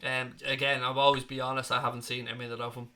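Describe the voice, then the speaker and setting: An Irish man in his thirties hosts a live football fan stream, talking fast with a sharp tone, medium pitch and little pitch movement. Chatty and blunt, he swears freely and reads out viewer comments.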